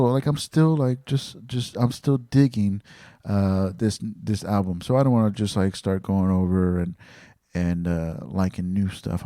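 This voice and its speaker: A man's voice: sits low, mellow, no echo, clean studio sound. A man hosting his own podcast, talking casually in a rambling way with many fillers, restarts and casual swearing. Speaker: podcast host. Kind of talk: casual solo podcast talk.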